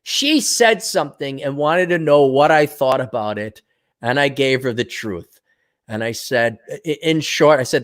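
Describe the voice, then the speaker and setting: A man's voice: medium pitch, expressive, unhurried. A man co-hosting a podcast in blunt, profane casual chat. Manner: blunt, profane, mocking impressions. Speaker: podcast co-host.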